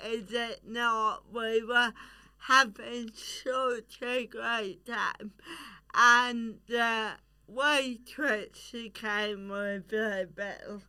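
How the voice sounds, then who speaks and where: Woman, comedian guest, very slow deliberate speech, smooth clear voice, casual podcast chat. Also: fairly high pitch, fairly even intonation, pushed and bright. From England.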